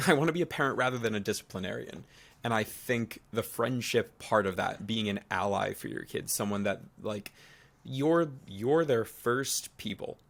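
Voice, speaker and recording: A man's voice: lowish voice, lively intonation, normal speed, gravelly. A man co-hosting a casual podcast, thinking aloud as he restates points and builds an argument. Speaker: podcast co-host.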